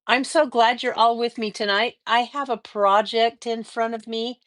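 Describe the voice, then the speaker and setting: A fairly high, fairly bright female voice with mostly even intonation and a moderate pace. She hosts a casual quilting livestream from her home studio in the American Mountain West, saying hello to viewers by name and chatting.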